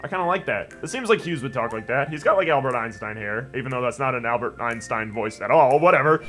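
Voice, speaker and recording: This gaming channel host is a young man who chats in a loose, jokey manner during a let's play, voicing the game's dialogue as he reads it. He speaks in a mid-range, animated voice, quickly and with few pauses, in a sharp tone. Game music plays faintly behind him.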